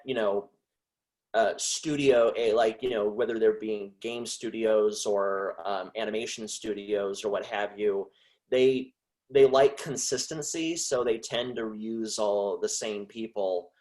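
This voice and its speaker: Halting male voice actor guest. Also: fairly low pitch. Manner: halting, with frequent restarts and trailing phrases. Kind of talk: casual interview chat.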